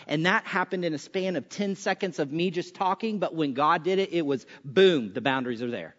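A man's voice: on the high side, a little fast, hardly any pauses, a bit bright. A man preaching a chapel sermon in a conversational style, firing off punchy rhetorical questions with sarcastic asides. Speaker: chapel speaker. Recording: reverberant hall, dull sound.

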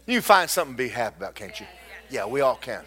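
A man preaching a sermon as pastor, exhorting and joking with his congregation and rising to shouts. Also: mid-range voice.

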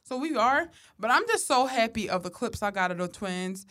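A woman co-hosting a podcast in casual, slangy chat, animated and often laughing. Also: fairly high pitch, normal speed. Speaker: podcast co-host.

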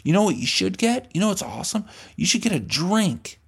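A man's voice: sits high, very animated, vocal fry, breathy edge, voice pushed up, exaggerated voice. A man voicing a pushy, cocky schoolboy bully who talks over the other boy and keeps insisting. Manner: insistent, fast-talking, overbearing.

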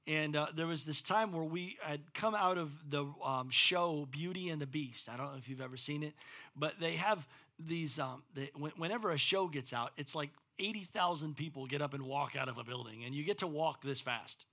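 A middle-aged pastor delivering a sermon, swinging from loud, intense preaching to quiet, personal storytelling. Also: male voice, a little high, moderate pace.

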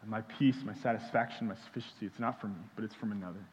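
A young man from Houston preaching a sermon, halting often with fillers and restarts as he speaks. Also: fairly low pitch, a little hiss or hum. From Houston, Texas. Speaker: pastor. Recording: dull sound in a reverberant hall.

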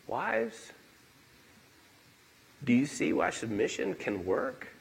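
A male pastor preaching a sermon in a church, emphatic and animated, acting out quotes. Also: fairly high pitch, slow pace, gravelly, breathy edge, rough recording.

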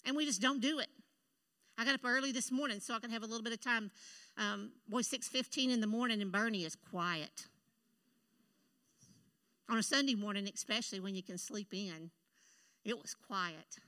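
Bright, animated woman preaching. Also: high-pitched. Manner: animated, emphatic, with bursts of laughter and quick asides. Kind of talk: sermon. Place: church sanctuary.

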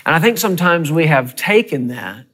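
A man preaching a sermon in a church, lively and dramatic, with fast bursts and sudden hushed drops. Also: on the high side. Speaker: pastor.

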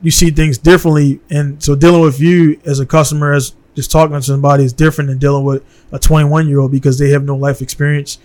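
Man, from Baltimore, podcast host, blunt and heated, keeps saying man, slightly high voice, studio recording. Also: little pitch movement, fast, few pauses, darkish tone. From Baltimore, USA. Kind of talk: casual podcast conversation.

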